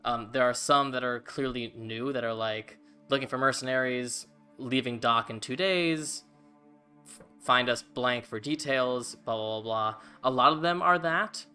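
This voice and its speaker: A man narrating a tabletop game as game master, in a relaxed, casual way with many fillers. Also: mid-range voice, measured pace, smooth, faint music behind.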